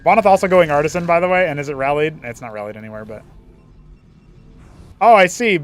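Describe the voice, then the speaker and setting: Faint music accompanies a young man whose voice sits on the high side, clear and resonant with lively intonation. He casts a strategy match alone as an esports commentator, chatting playfully, laughing at his own jokes, and adding quick asides.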